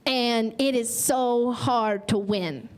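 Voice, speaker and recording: A woman's voice: on the high side, slow pace, a little mellow, smooth. A woman from North Carolina hosting a stand-up comedy show, delivering brash, bawdy punchlines on a stage mic. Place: comedy stage with live audience.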